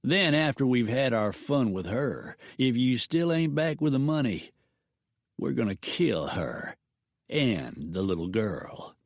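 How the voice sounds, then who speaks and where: A man's voice: mid-range voice, very animated, slow pace, no echo, clean studio sound, exaggerated voice. Man playing a menacing drawling outlaw. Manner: threatening, drawling. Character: menacing male outlaw, gang leader.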